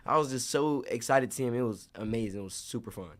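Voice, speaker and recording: A young man, an actor, telling stories in a casual interview, animated and acting out what others said. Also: mid-range voice, quick pace. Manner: animated storyteller, acts out quotes.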